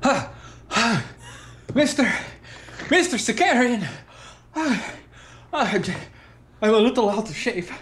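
A man's voice: on the high side, big pitch swings, moderate pace, fairly bright tone, slight background noise, voice pushed down. A man voicing a flustered, out-of-shape male psychic who stammers and pants. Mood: flustered, panting. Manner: panting, stammering.

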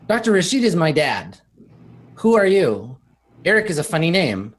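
A man's voice: on the high side, sing-song, moderate pace, pitched above the performer's own voice. A man voicing a curious, blunt girl of about ten in a tabletop game.

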